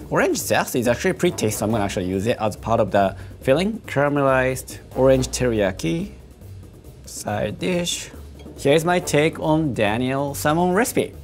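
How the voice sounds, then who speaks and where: A man, a professional chef, calmly talking through each step as he cooks. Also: mid-range voice, moderate pace. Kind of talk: casual cooking narration. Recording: faint music in the background.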